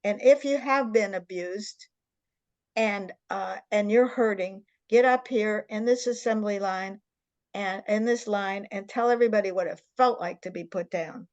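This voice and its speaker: A woman's voice: medium pitch, measured pace, a little mellow, no room sound, lo-fi sound. An older woman hosting an interview, telling a story in an earnest, emphatic way over a video call. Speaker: interview host.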